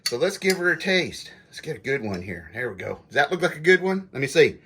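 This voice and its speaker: A man's voice: mid-range voice, big pitch swings, brisk, bright, forceful tone, slightly rough. A middle-aged man hosting a casual food review vlog, chatting folksily to his viewers while he tastes food. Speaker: prepper channel host.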